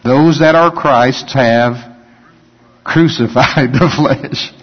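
A pastor with a slightly high, husky voice speaks slowly and pauses often. He preaches in a conversational way, joking and imitating whiny voices, in a recording that sounds dull with long hall reverb.

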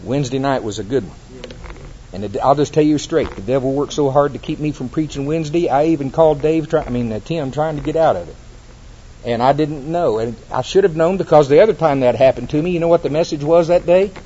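A man preaching a lively sermon, laughing and rising high when he acts out scripture. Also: quick pace, muffled recording, a little hiss or hum.

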